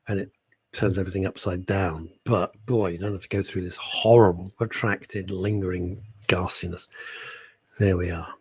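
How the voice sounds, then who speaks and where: Middle-aged male radio co-host, husky and earnest, faltering as he speaks. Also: deep voice, no echo. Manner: heartfelt, halting, trailing off softly. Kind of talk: casual radio chat, reading listener messages. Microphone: studio microphone.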